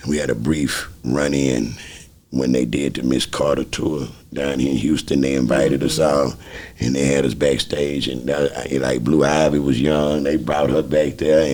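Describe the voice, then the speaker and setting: A man with a very low, gravelly voice talks in a relaxed, casual interview. He tells his stories at an easy, unhurried pace. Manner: laid-back storytelling. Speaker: interview guest.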